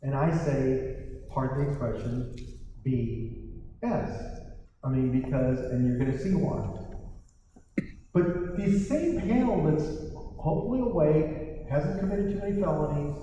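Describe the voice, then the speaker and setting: A man presenting a property tax seminar to a live audience, animated and wry, acting out the exchanges he describes. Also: fairly high pitch, unhurried, pauses often, a little hiss or hum. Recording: echoey hall from far off, dull sound.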